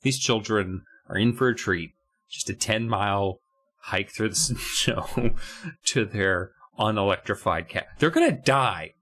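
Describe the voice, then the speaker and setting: A man's voice: lowish voice, a little slow. A man casually and sarcastically recapping a children's book on a podcast, swearing often. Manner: profane, animated, sarcastic retelling. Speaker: podcast co-host.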